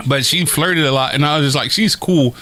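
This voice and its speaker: A man's voice: on the high side, brisk, sharp tone. A man, a comedian guest on a podcast, telling casual, profane stories and laughing often.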